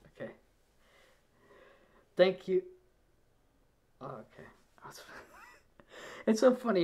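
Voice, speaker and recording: A man's voice: on the high side, slow, long pauses. A man on a casual livestream, overheated in a fursuit and a bit foggy, who rambles, stammers and restarts his sentences while reading donations.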